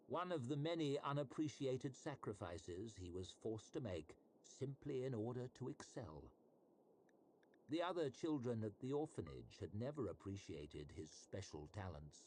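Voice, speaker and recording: A man narrating a fantasy novel aloud with a measured, expressive reading. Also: fairly low pitch, slight background noise. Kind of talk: audiobook-style fantasy narration.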